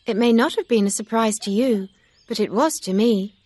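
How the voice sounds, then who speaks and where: A woman's voice: on the high side, normal speed, darkish tone, no echo, pitched above the performer's own voice, natural voice. A woman voicing an earnest, upset young woman in an audiobook reading, talking in a pleading, emphatic way.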